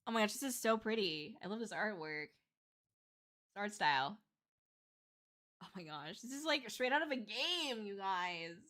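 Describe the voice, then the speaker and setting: A woman's voice: medium pitch, expressive, unhurried, pauses often, a bit bright. A young woman streaming as a VTuber, chatting casually, gushing and giggling over artwork with frequent squeals. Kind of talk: casual livestream chat.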